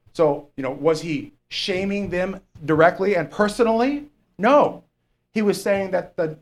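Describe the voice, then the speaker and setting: Male pastor, conversational sermon, rambling, joking asides, emphatic, a bit high-pitched. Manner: rambling, joking, loses his place in the text; emphatic on key points. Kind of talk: conversational sermon with Bible reading.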